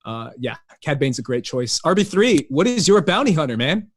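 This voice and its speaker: A man's voice: on the high side, sing-song, moderate pace, breathy edge. A man co-hosting a casual chat, upbeat and laughing often. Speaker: co-host.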